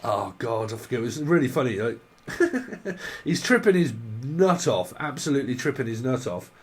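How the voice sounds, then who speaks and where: Rambling jokey tarot reader. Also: male voice, mid-range voice, big pitch swings, normal speed. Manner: rambling, jokey and irreverent, laughs often. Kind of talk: casual tarot reading vlog.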